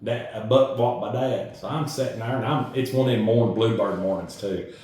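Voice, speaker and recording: A man with a Southern Tennessee accent telling a hunting story in a folksy, animated way on a podcast. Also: medium pitch, a little fast, slight background noise. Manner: animated, folksy, acts out quoted voices. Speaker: podcast host. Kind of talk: casual storytelling. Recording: roomy echo, far from mic.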